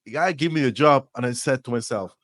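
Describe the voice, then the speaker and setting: A man in his forties from Costa Rica, speaking English with a Costa Rican Spanish accent, telling stories as a podcast guest, lively and laughing, with frequent restarts. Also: medium pitch, quick pace, no echo. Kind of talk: storytelling interview.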